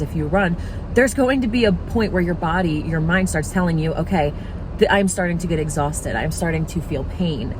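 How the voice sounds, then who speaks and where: Earnest young woman musing over traffic noise. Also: fairly low pitch. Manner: earnest, musing, drawn-out emphasis. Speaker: vlogger. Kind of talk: casual reflective chat. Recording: noisy background.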